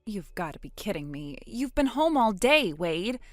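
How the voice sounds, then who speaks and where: A woman narrating a text message story as the wife, trading sharp, sarcastic comebacks. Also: medium pitch, very animated, normal speed, dry recording, faint music behind.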